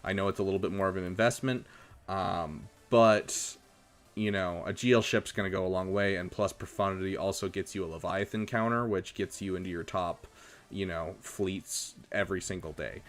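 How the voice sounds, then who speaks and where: A young man casually chatting on a live stream, giving relaxed advice with lots of ums and uhs. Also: low voice, normal speed. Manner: relaxed, chatty, many fillers, gives advice. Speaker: streamer reviewing viewers' game rosters.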